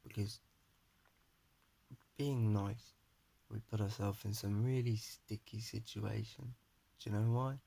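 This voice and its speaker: A young man speaks into his phone at home with a gravelly, husky voice. He rambles earnestly through a self-motivating pep talk, pitched a touch low. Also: steady tone, slow pace, long pauses, dark tone. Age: young adult. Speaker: vlogger. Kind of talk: rambling personal monologue to camera. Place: his flat at home, indoors. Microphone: phone camera held in front of face.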